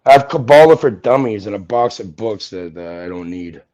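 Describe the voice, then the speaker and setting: On a livestream, a man with a fairly low, warm, expressive voice angrily rants and swears at someone he's arguing with. He speaks at a normal pace, and the audio is dull and lo-fi.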